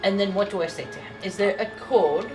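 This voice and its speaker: A woman's voice: mid-range voice, a little fast. Playful woman player, giggly and chatty, music behind. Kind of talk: playing a character in a tabletop game. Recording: background music.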